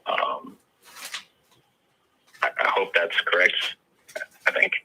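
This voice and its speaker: Hesitant low-voiced man, husky and bright. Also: wildly swooping pitch, takes it slowly, low-quality recording. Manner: hesitant, many fillers and restarts. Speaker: disability claimant practicing his testimony. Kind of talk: coached interview practice.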